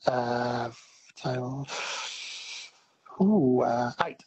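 A man's voice: mid-range voice, drawn-out words, dark tone, breathy edge, no room sound. An Australian man calling in to a radio quiz, laid-back and a bit hesitant. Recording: dull phone line.

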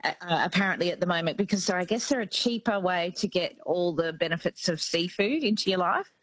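A woman's voice: fairly low pitch, lively intonation, a little fast, fairly bright tone, dry recording, poor audio. A woman co-hosting a radio show, chatting casually and wandering off on tangents. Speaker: radio co-host. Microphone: studio mic.

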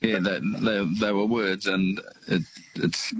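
An older Australian man calling in to a radio show, telling stories in a halting, rambling way with plenty of fillers. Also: lowish voice, level tone, breathy edge, dry recording, rough recording. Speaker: radio caller. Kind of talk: casual phone-in chat.

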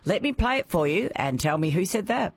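A woman hosting a radio phone-in quiz, chatty and quick to laugh. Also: on the low side, sing-song, husky, no echo. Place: radio studio.

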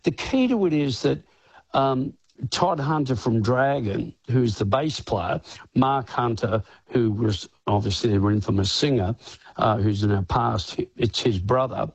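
An older man with an Australian accent spins loose, rambling stories, leaning on fillers as he goes. His voice is husky, caught dry and close at a studio mic. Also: mid-range voice, unhurried, no echo. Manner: rambling storyteller, filler-heavy. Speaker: guest musician. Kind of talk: radio interview.

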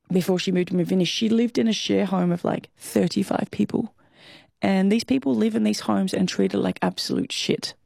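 Her mid-range voice creaky and mellow, an Australian woman in her thirties speaks frankly and emotionally as an interview guest and laughs easily. The recording is dry, with clean studio quality.

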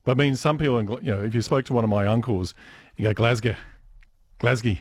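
A man's voice: mid-range voice, racing, a little mellow, slightly rough, no room sound. Chatty male radio host. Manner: chatty, self-deprecating, trails off and restarts. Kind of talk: casual on-air banter.

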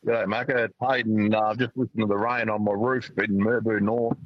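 A man's voice: fairly low pitch, level tone, brisk, husky, no room sound. Australian man, radio caller, driving, hesitant, muffled phone line, dry. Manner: earnest, hesitant, full of fillers. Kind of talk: talkback radio phone call. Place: driving in a car.

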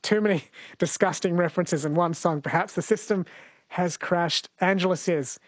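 A man hosting a radio show in a studio, easygoing and quick to laugh while chatting with callers and his co-host. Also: high-pitched, no echo. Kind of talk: casual radio chat. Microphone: studio microphone.

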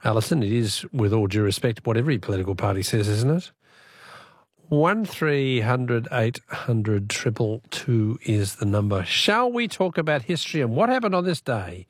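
A man hosting talk radio, chatty and quick to laugh, reading callers' texts and introducing guests. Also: medium pitch, expressive, breathy edge, no echo, clean studio sound. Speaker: radio host. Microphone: studio mic.

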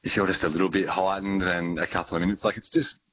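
A man, a breathwork teacher, explaining calmly and casually with frequent fillers. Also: deep voice, fast, slight background noise, rough recording. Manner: calm, easygoing, with many fillers. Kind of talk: conversational explanation.

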